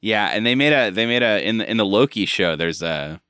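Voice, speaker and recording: A man's voice: on the low side, lively intonation, a little fast, sharp tone, clear, resonant tone, no echo, clean studio sound. A man hosting a comics podcast in casual chat, bantering and closing out the episode. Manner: wraps up the show, giggly. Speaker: podcast host.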